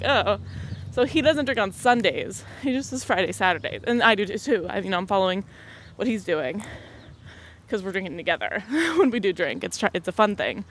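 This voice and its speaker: A woman's voice: on the high side, a bit bright, slight background noise. A young woman hosting a casual solo podcast, rambling and laughing often as she talks on a walk, recorded on a phone in her pocket. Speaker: podcast host. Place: outdoors on a muddy walk.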